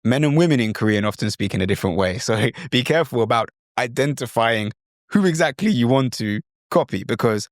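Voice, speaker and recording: An enthusiastic British man hosting a language podcast, coaching listeners on how to pick up accents. His voice has an ordinary pitch for a man and is recorded dry and close, with no room sound. He keeps breaking into short imitations of other accents. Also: lively intonation, a little fast, no echo. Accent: British English. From Britain. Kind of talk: instructional talk.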